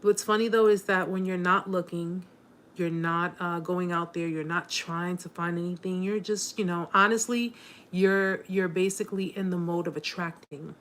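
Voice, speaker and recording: A woman hosting a casual live chat with viewers, warm and encouraging, rambling with many fillers and restarts, openly emotional. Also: fairly low pitch, fairly even intonation, moderate pace.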